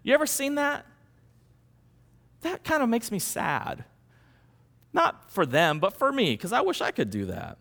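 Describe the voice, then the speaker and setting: Man, pastor, lively conversational sermon, high voice. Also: measured pace, vocal fry, long pauses. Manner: animated, conversational preaching with rhetorical questions.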